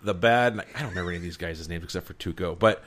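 A man's voice: low voice, very fast, a bit bright. A man co-hosting a casual movie podcast, laid-back and laughing often as he talks. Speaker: podcast co-host.

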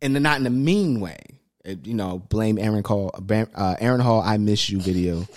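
A man's voice: on the low side, moderate pace. A man talking bluntly and animatedly in a casual podcast chat, swearing freely. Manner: blunt and profane, animated storytelling. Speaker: podcast guest.

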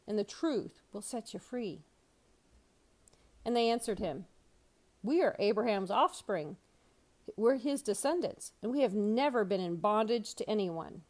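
A woman pastor reading Bible passages aloud, expressive, with brief lively asides. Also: a little high.

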